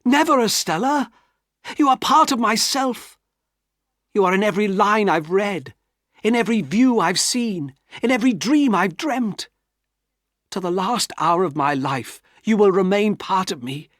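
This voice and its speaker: A man's voice: high voice, animated, measured pace, fairly bright tone, no echo, pitched above the performer's own voice. A man voicing an earnest, heartbroken young man who pleads with trembling emotion, in a dry storybook reading. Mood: pleading.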